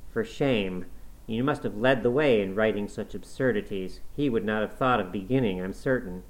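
A man's voice: on the low side, moderate pace, natural voice, rough recording. A man reading aloud and voicing a stern middle-aged housekeeper who scolds a girl with scorn. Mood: scolding.

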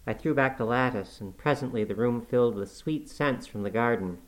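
A man reading a classic novel aloud as scripted narration, measured and even. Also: medium pitch, rough recording. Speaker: audiobook reader.

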